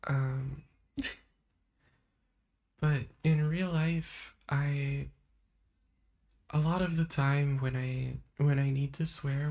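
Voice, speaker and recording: A woman hosting a live stream in a soft-spoken ASMR chat style, talking in a meandering way and laughing often. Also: very deep voice, steady tone, drawn-out words, long pauses. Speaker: livestream host. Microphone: streaming microphone.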